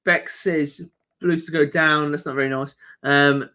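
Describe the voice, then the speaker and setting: A man's voice: on the high side, fairly even intonation, measured pace, bright, forceful tone. A man co-hosting a football fan live stream, reading out comments and fixtures in an easygoing way. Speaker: co-host reading donations and comments. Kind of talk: casual live stream reaction chat.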